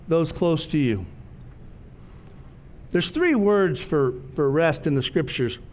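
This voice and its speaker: Conversational pastor preaching. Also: male voice, fairly high pitch. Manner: conversational, storytelling preacher with slow emphatic phrases. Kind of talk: sermon.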